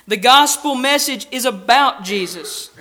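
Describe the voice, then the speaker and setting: A man preaching a sermon in a church, earnest and emphatic, asking rhetorical questions and dropping from loud to hushed. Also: extremely high pitch, animated, a little slow. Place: church building with a baptistry.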